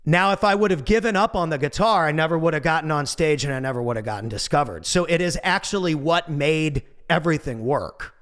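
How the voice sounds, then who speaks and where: A man in his forties delivering a casual motivational monologue, animated and goofy, swearing now and then. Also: fairly high pitch, fairly quick, few pauses. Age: 40s. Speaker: motivational speaker.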